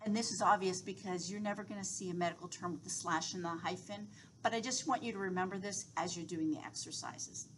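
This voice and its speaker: A woman's voice: on the low side, fast talker, a little hiss or hum, low-quality recording. A woman instructor giving a recorded lecture, explaining step by step with reassuring asides and frequent fillers.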